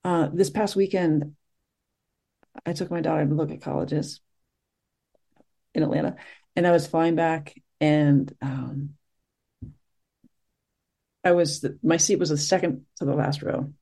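Middle-aged meditation teacher, warm mellow tone, soft-spoken, gentle, reflective, unhurried pauses. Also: medium pitch, steady tone, gravelly. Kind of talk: reflective dharma talk after a sit.

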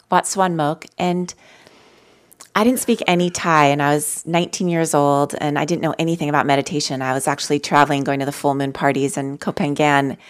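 A woman telling personal stories in a gentle, conversational way as she leads a live mindfulness talk for an audience. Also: low voice. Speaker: mindfulness teacher. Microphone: handheld mic.

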